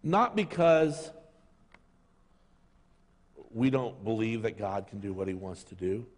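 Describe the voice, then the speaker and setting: Animated preacher in a reverberant hall. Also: male voice, on the low side, slow pace. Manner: jokey storytelling, acting out voices. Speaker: pastor. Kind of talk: sermon. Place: church sanctuary.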